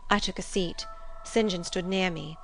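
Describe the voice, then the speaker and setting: A woman narrating a classic novel as an audiobook reader, with measured, expressive storytelling. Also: lowish voice, gravelly, soft background music, poor audio. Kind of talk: scripted literary narration.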